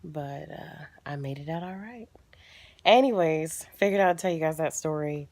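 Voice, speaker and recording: A young adult woman, pregnant, telling a story casually to her viewers, dropping into hushed asides now and then. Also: low voice, normal speed. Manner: animated, drops to hushed asides. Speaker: vlogger.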